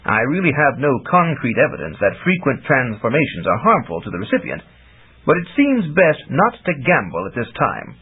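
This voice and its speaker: A man voicing a middle-aged male magician who talks in a measured, formal, slightly pedantic way. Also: medium pitch, very animated, slightly rough, full character voice. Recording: tinny lo-fi audiobook recording.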